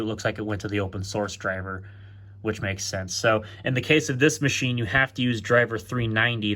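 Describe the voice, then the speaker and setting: A man's voice: fairly low pitch, a bit bright. A man talking casually through a laptop setup in a vlog, thinking aloud and correcting himself as he goes. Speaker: tech vlogger. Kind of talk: casual tech walkthrough vlog.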